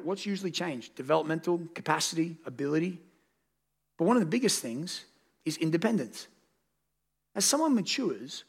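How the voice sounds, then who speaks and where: A man in his thirties preaching a sermon as a pastor, conversational and candid, rising to emphatic peaks on key points. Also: sits high. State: tired.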